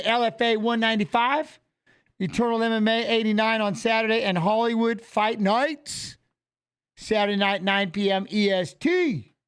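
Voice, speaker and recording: A man in his forties with a notably high-pitched voice hosts a casual livestream. He rambles in a loose, chatty way and calls out to his viewers by name. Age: 40s. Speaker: livestream host.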